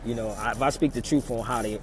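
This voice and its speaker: A man talking casually to his live stream viewers from outside in his old neighborhood, preaching, firing off rhetorical questions and swinging between loud and soft. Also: medium pitch, steady tone, fast, background noise. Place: outdoors in a city neighborhood.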